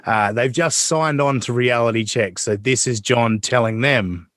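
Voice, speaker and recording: A man's voice: mid-range voice, unhurried, a bit bright, dry recording, clean studio sound. A man co-hosting a podcast in casual chat, setting up clips and making jokes at his own expense. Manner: jokey, self-deprecating. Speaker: podcast co-host.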